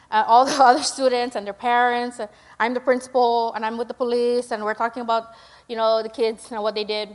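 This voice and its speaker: A middle-aged woman gives a church presentation with slides, talking in a conversational, rambling way with many fillers and tag questions. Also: on the high side. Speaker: school principal giving a church talk.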